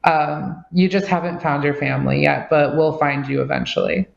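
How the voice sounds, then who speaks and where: A woman's voice: low voice, normal speed, creaky, a little hiss or hum. A woman guest talking in an earnest, chatty way with lots of fillers. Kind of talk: casual interview chat. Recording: dull, echoey remote line.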